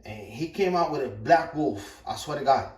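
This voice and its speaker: A man's voice: mid-range voice, animated, moderate pace. Middle aged guy rambling and cussing while he cooks, kinda far from the mic. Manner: rambling, profane, repeats himself. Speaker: vlogger. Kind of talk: casual storytelling while cooking. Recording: echoey room, mic far off.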